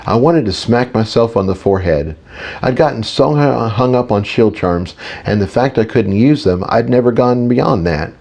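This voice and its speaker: A man's voice: medium pitch, moderate pace, gravelly, a little mellow. A man narrating a first-person audiobook in a casual tone, with small reading slips.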